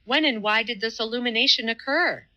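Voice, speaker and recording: A gruff, skeptical man, read by a woman narrator in an audiobook, who puts blunt, doubting questions. The delivery sits a touch higher than the narration and is bright-toned. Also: fairly quick, highs cut off. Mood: questioning. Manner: gruff, wondering. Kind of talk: audiobook reading.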